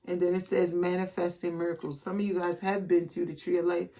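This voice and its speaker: A woman's voice: fairly low pitch, little pitch movement, brisk, dark tone. A woman reading tarot cards to her viewers in a loose, casual way, blunt and chatty, swearing freely and reading card messages aloud. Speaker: tarot reader.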